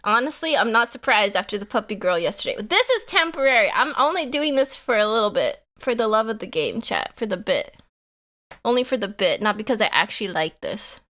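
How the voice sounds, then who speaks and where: A woman's voice: mid-range voice, animated, brisk, a bit bright. A young woman streamer chatting casually with her viewers in a theatrical way, swinging between mock sobbing and laughing. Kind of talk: casual live-stream chat.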